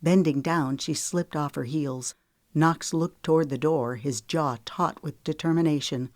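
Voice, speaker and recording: A woman reading a novel aloud in a calm, measured way. Her voice is low and dark. The recording is dry and close-miked, with no room sound. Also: dry recording. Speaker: audiobook narrator. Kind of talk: scripted audiobook narration.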